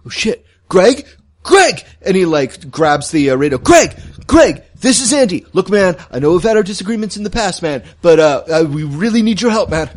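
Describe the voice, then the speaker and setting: A man voicing a panicky young man fleeing a killer in a tabletop horror game, frantic and swinging up high. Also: animated, fairly quick, hardly any pauses, a little mellow, natural voice. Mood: panicked.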